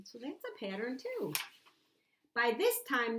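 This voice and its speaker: A woman teacher reading a picture book aloud to young children, animated and asking them questions. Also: high-pitched, a little slow. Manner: animated, asks the listener questions. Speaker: preschool teacher.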